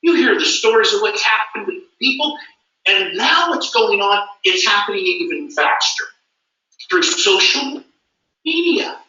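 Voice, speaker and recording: A man's voice: high-pitched, big pitch swings, a little slow, sharp tone. A man giving a motivational stage speech at a company event, emphatic and repetitive. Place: large event hall. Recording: echoey hall from far off, dull.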